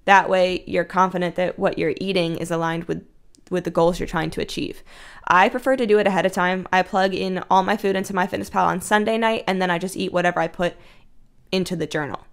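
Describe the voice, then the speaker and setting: A woman's voice: lowish voice, fairly even intonation, fairly quick, vocal fry, clean tone. A young woman hosting a casual solo fitness podcast, blunt and breezy, swearing freely. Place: Washington.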